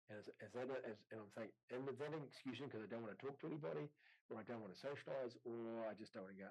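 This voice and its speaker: A man's voice: mid-range voice, racing, gravelly, a little mellow, rough recording. A man, a qigong teacher in a casual online group chat, rambling and acting out inner dialogue over a video call. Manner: rambling, repeats words, acts out inner dialogue.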